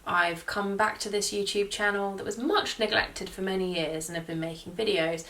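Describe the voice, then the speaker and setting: A woman's voice: medium pitch, steady tone, moderate pace, a bit bright, far from the mic. A woman comedian chatting casually to camera, rambling with self-mocking asides. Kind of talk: casual vlog intro to camera.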